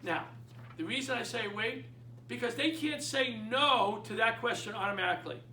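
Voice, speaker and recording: Boston guy teaching real estate, real high bright voice, kinda far off in an echoey room. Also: normal speed, slight background noise. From Boston area. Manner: energetic and emphatic, acts out phone calls. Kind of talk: instructional talk. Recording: echoey room, speaker away from the mic.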